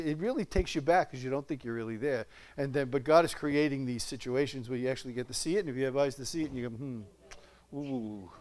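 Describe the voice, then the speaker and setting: A man's voice: medium pitch, a little mellow. An older man preaching a conversational sermon, folksy and chuckling, often asking his listeners questions.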